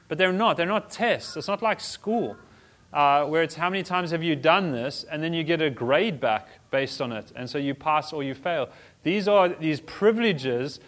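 A man teaching a church group in a conversational style, restarting phrases and adding humorous asides. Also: fairly high pitch. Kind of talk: informal teaching talk.

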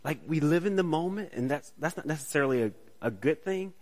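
Man, preacher, slightly high voice, conversational sermon, frequent "right?", restarts phrases. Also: lively intonation, a little fast. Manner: casual, checks in with listeners by asking "right?"; restarts phrases, shifts from soft to emphatic.

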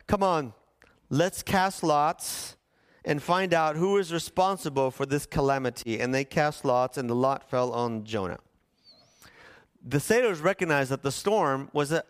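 A man's voice: a little high, measured pace, smooth. A middle-aged man, a pastor, preaching a sermon in a conversational storytelling way with acted-out quotes.

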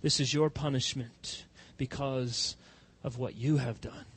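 A man preaching a sermon as pastor, swinging from loud impassioned cries to soft, hushed pleading. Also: mid-range voice, steady tone, a little slow, slightly rough.

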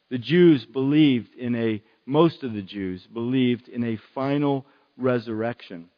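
A man's voice: medium pitch, muffled recording. A man preaching a sermon in an earnest way, repeating phrases for emphasis.

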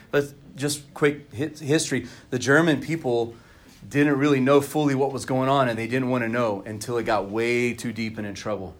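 A man preaching a sermon as pastor at a church service, talking candidly and conversationally to the congregation. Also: mid-range voice.

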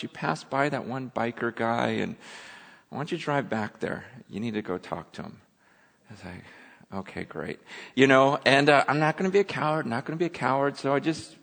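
A man preaching a sermon as pastor in a relaxed, storytelling way with self-deprecating humor. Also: fairly high pitch. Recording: long hall reverb.

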